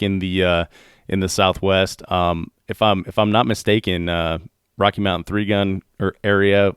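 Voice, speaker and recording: Congested deep-voiced male podcast host. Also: clear, resonant tone, no room sound, clean studio sound. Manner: friendly, halting, many fillers and laughs. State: congested, losing his voice. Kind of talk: casual interview talk.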